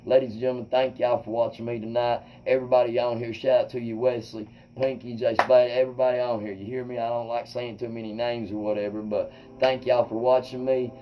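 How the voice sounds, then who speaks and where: A man telling a wild personal story to viewers, animated and swearing, acting out quotes loudly. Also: medium pitch, a little fast, few pauses, slight background noise, poor audio. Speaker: comedian host.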